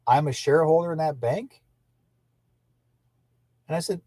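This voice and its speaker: An older man with a husky voice rambles indignantly through his livestream, repeating himself and restarting sentences. His voice is recorded close and dry. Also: a little high, lively intonation, moderate pace, long pauses, mellow, dry recording. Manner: indignant, repetitive, restarts often. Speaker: livestream host.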